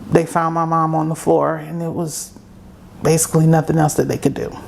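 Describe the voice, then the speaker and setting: Role: guest. Sex: woman. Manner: halting, unhurried. Pitch: lowish. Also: flat delivery, vocal fry, a little mellow, a little hiss or hum. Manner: halting, unhurried storytelling with pauses. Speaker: interview guest. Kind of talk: personal testimony in conversation.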